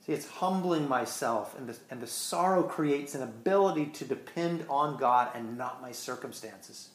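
A man preaching a sermon with earnest emphasis, swinging between quick bursts and slow, stressed words. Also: mid-range voice, echoey room. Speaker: pastor.

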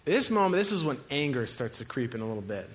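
A male pastor preaches a sermon at a quick pace, animated throughout. He swings between loud cries to God and quiet, low passages.

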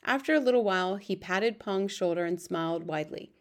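Woman audiobook narrator, even measured storytelling voice. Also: medium pitch. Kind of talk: scripted narration.

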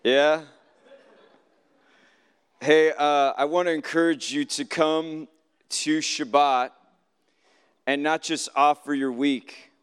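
A man's voice: fairly high pitch, fairly even intonation, slow, pauses often, clean tone. A man giving a conversational Shabbat sermon, telling stories from his week, acting out what people said and putting questions to the congregation. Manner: storytelling, acts out quoted voices, asks the audience questions. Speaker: preacher giving a Shabbat teaching. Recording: live hall recording with long reverb.

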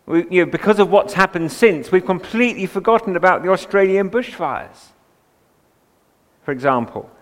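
A man's voice: high voice, lively intonation, moderate pace, a bit bright. A man preaching a sermon from the pulpit, shifting between chatty asides and emphatic, rising passages. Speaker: pastor. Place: church sanctuary, at the pulpit. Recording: long church hall reverb.

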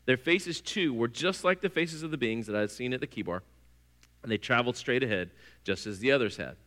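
A middle-aged man, preaching a sermon in a church and telling stories with lively, acted-out voices. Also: medium pitch, brisk. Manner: lively storytelling, acts out voices. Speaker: pastor. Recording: long hall reverb.

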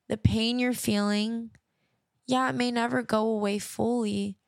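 A young adult woman hosts her podcast, speaking to listeners earnestly and reassuringly about her personal faith and often repeating phrases. Her voice sits on the high side with a level tone, a little slow and creaky, in studio quality with no echo.

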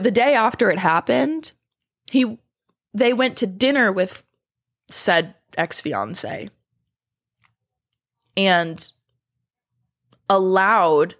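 Young woman, twenties, vlogger, blunt, profane, very lively pitch. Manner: blunt and profane, swings from hesitant to heated. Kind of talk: casual vlog talk reacting to comments.

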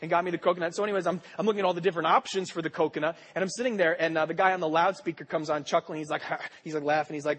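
A man's voice: high voice, fairly even intonation, very fast, few pauses, fairly bright tone. A young adult man preaching a sermon, telling joking stories in a rambling way full of fillers. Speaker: pastor.

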